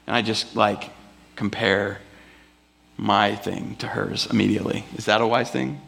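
Male pastor, casual rambling sermon delivery, gravelly fry in the voice, slips into playful character voices. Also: fairly low pitch, fairly even intonation, unhurried, a bit bright. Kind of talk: conversational sermon. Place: church before a live congregation.

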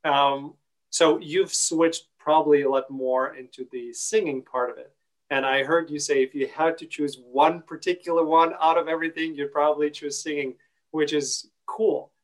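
A man's voice: fairly high pitch, fairly even intonation, low-quality recording. Easygoing male interviewer. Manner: easygoing, long rambling questions with many pauses. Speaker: interviewer and actor. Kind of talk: interview questions.

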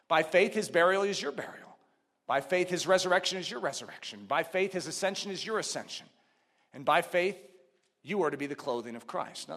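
High, bright-voiced preacher man. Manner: swings from loud shouted emphasis to hushed low asides; repeats phrases in rhythmic build-ups. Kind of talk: sermon.

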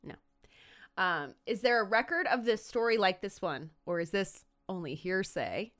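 Animated woman retelling a story. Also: medium pitch, normal speed. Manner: animated storyteller acting out quotes. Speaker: podcast co-host. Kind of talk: casual chat, retelling a TV episode.

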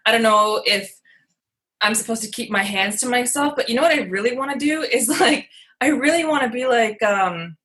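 A woman guest on a casual podcast talks in a rambling, self-deprecating way and breaks into giggles often. Her voice sits a little high and sounds bright and sharp. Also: animated, moderate pace. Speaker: comedian guest.

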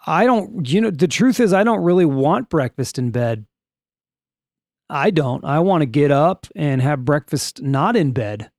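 A man's voice: fairly high pitch, darkish tone, no room sound, studio quality. A middle-aged man hosting a casual solo podcast, musing aloud in a rambling way and correcting himself as he goes. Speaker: podcast host.

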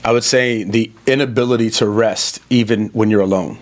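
A man's voice: lowish voice, steady tone, normal speed. A man in his forties, a pastor, answering interview questions in an earnest, storytelling way that builds to emphatic moments. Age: 40s. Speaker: pastor and podcast guest. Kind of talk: conversational interview, preacherly storytelling.

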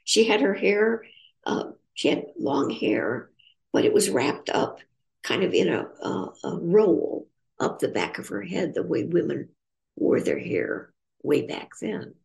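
An older woman, an author in recovery, telling a personal story in a reflective, halting, earnest way. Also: on the low side, very animated, gravelly, darkish tone.

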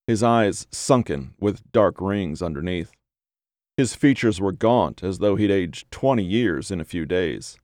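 A man narrating a dark horror story in a measured, even storytelling voice. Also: deep voice, no echo, studio quality. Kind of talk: horror audiobook reading.

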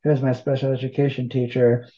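A man's voice: mid-range voice, level tone, fast, dull audio. A man talking casually as an interview guest, rambling and poking fun at himself. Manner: rambling, self-deprecating humor. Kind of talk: casual conversation.

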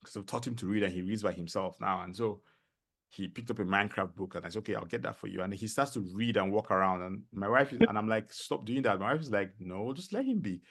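A middle-aged man with a Nigerian accent, a podcast guest telling stories in a casual interview, animated and full of fillers. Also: on the low side, fast, husky. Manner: animated storyteller, many fillers.

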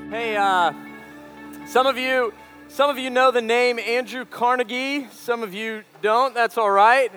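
A man's voice: very high voice, steady tone, a little slow, bright, forceful tone, big-room sound, faint music behind. A man preaching a conversational sermon to college students, telling stories with chatty asides and repeated words. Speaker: campus ministry preacher.

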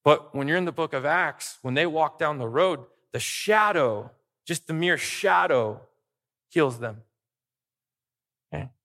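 A man's voice: on the high side, lively intonation, measured pace, a bit bright. A pastor preaching a sermon, stressing his points with repeated lists. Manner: emphatic preaching with list-like repetition.

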